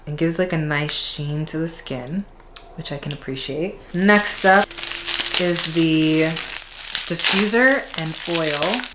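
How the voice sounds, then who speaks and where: A woman with a notably low, deep voice chatting her way through an unboxing. She talks in a relaxed, candid way and drops in plenty of "like" fillers as she goes. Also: background noise. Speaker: unboxing vlogger. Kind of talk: casual chat.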